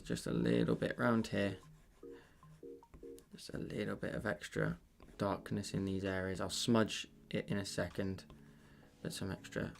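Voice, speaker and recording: Casting note: man, low gravelly voice, rambling streamer thanking chat over soft music. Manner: rambling, thinks aloud, many fillers and restarts. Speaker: digital painting livestreamer. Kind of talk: casual livestream chat while painting.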